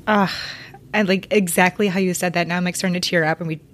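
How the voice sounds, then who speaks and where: A chatty, emotionally expressive woman co-hosting a casual podcast about motherhood. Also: fairly low pitch, quick pace, a little hiss or hum. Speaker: podcast co-host.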